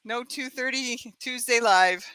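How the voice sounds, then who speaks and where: Woman host, casual home live-stream, chatty and laughing, bright voice. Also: fairly high pitch, a little slow, clear, resonant tone, no room sound.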